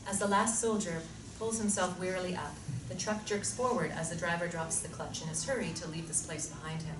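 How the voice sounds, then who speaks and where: A woman narrates a screenplay in a steady, descriptive read. Her voice sits low and carries room echo, recorded from a distance. Noise runs clearly under the recording. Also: brisk. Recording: echoey room from far off, noisy.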